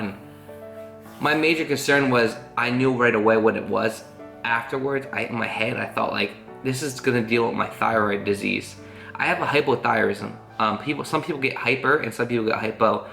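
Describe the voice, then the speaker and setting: A man's voice: lowish voice, creaky, bright, forceful tone. A man telling a long personal story to camera in a casual vlog, rambling and earnest, full of fillers. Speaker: family vlogger. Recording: roomy echo with faint guitar music.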